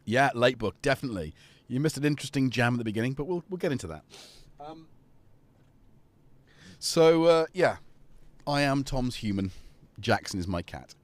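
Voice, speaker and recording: Lively man chatting on stream. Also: medium pitch, moderate pace, long pauses, dry recording. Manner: rambling, chatty, talks to his cat and viewers. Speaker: live-stream host. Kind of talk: casual live-stream chat.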